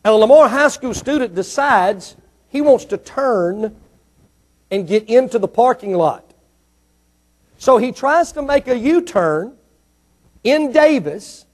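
A male preacher delivering a sermon, moving between quiet storytelling asides and loud, emphatic declarations. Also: lively intonation, slow pace, long pauses. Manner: swings from low asides to loud ringing declarations.

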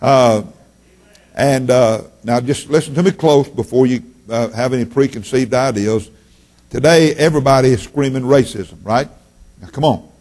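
A man's voice: medium pitch, moderate pace, darkish tone. A man, a guest preacher telling folksy jokes and stories in a sermon. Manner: folksy storyteller, joking asides.

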